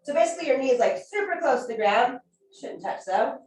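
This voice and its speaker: A woman's voice: high-pitched, animated, fast, a little mellow. A woman fitness instructor leading a core workout class with upbeat, encouraging, chatty cues. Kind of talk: guided workout class cueing. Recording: echoey room from far off mic.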